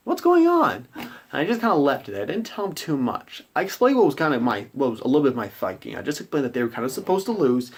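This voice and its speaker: A man recounts a tabletop game session he ran as game master, in a loose, rambling way. His voice sits at an ordinary middle pitch. He acts out his players' reactions as he goes.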